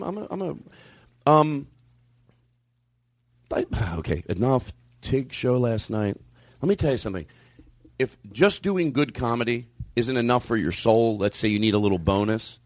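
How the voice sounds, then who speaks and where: Middle-aged male podcast host, exasperated comic ranter, lively swooping delivery, dry close mic. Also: mid-range voice, normal speed, dry recording. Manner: animated, exasperated, swears, lots of restarts. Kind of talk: comedic podcast rant.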